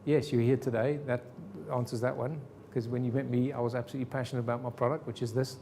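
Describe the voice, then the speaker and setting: A man's voice: mid-range voice, flat delivery, fast, warm tone, slight background noise. A man teaching a sales seminar to a live audience, firing rhetorical questions at the room. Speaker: sales trainer.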